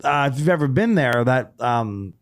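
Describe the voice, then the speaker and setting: A comedian as a podcast guest, chatting casually and telling animated stories, acting out quotes and swearing freely. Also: male voice, medium pitch, moderate pace. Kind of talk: casual chat.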